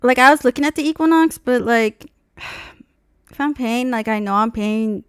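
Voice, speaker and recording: A young woman streamer telling a dealership story in a casual, profane rant, acting out the people she quotes in loud high voices. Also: a little slow, clean tone, dry recording, studio quality.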